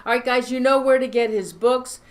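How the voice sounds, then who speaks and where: A woman's voice: on the high side, steady tone. A woman hosting a live online show, talking casually and rambling, with lots of fillers and restarts. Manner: rambling, halting with many fillers. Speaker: show host. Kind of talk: casual live-stream talk.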